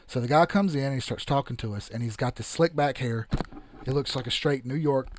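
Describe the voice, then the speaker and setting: Blunt, animated man, dry sound. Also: mid-range voice, brisk, no room sound. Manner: animated, blunt, swears freely. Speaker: host. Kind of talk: casual storytelling, reading chat.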